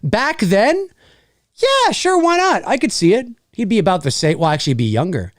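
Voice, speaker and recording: A man's voice: sits high, wildly swooping pitch, fast, no room sound, studio quality. A man in his forties hosting a casual live-stream Q&A, rambling and laughing between viewer questions. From Canada. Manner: rambling, laughs often, hams up movie quotes. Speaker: host answering viewer questions.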